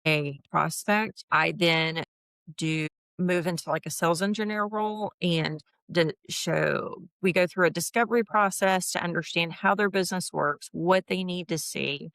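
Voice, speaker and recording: A woman's voice: lowish voice, moderate pace, creaky, fairly bright tone, no room sound, studio quality. A woman in her fifties, a guest in a casual interview, chatting about her HR consulting work and acting out quoted dialogue with laughs. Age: 50s.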